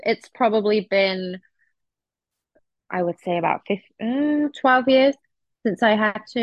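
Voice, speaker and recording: A woman's voice: mid-range voice, no echo, lo-fi sound. A young adult woman from England with an English accent, a guest actress talking casually and chattily in an interview. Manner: relaxed, chatty, with frequent restarts.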